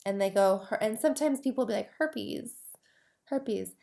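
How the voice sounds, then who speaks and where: A woman's voice: medium pitch, racing, dark tone. A woman hosting her own advocacy podcast, talking casually to camera in a rambling way with many asides and restarts. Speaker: host of a herpes advocacy podcast.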